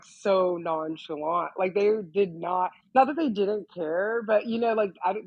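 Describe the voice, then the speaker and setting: Young woman, chatty storyteller, heavy on fillers, slightly husky, dull lo-fi recording. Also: mid-range voice, a little mellow, no room sound. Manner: chatty, many "like" fillers, laughs often, quotes herself. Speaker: guest model. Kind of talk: casual interview storytelling.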